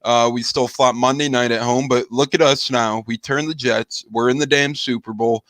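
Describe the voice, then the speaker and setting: A man's voice: mid-range voice, steady tone, moderate pace, a bit bright, no room sound. A man hosting a casual sports chat, talking freely and steering his guests with questions. His voice sits in a middle range and sounds dry and close to the mic. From lives in Chicago. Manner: chatty, steers the talk with questions. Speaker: podcast host.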